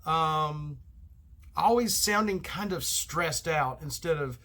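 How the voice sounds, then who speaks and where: A middle-aged Southern man talking casually to camera, wandering from point to point with plenty of fillers. His voice sits a little high and has a bright, tense edge. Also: expressive, slow pace. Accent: American Southern. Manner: rambling, loses his thread, many fillers. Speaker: card game vlogger. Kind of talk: casual solo vlog monologue.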